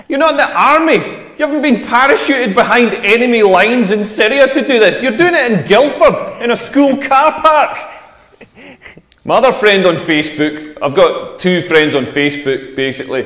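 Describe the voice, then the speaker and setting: A man's voice: sits high, animated, moderate pace, a bit bright. A man doing a stand-up comedy set, chatty and crude, working the crowd. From Scotland. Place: comedy club stage. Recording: roomy club hall with long reverb.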